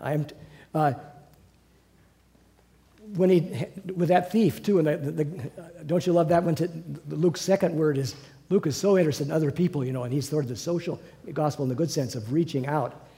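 Brief: older male teacher, mellow and a bit high, musing with restarts. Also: normal speed. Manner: musing, rambling, many restarts. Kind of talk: Bible class discussion.

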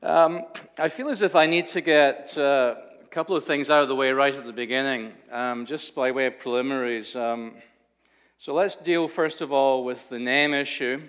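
A man's voice: medium pitch, fairly even intonation, normal speed, fairly bright tone, smooth. A Scottish man in his sixties giving a talk as a guest speaker at a church, with a dry, self-deprecating humor and frequent hesitant fillers. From Scotland. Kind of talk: humorous lecture at a church gathering. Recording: dull lo-fi recording.

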